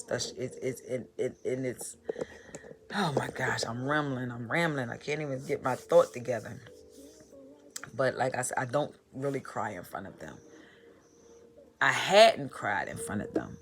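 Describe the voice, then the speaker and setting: A woman telling her personal story in a vlog, halting and repeating phrases in a heartfelt way. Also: a bass voice, slight background noise. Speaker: motivational vlogger.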